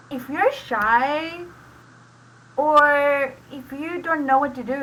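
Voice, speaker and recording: Chatty woman, Spanish accent, fairly high voice. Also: slow pace, fairly bright tone, poor audio. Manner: rambling, with many "like" fillers and restarts. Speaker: reading session host. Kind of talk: casual screen-share explanation.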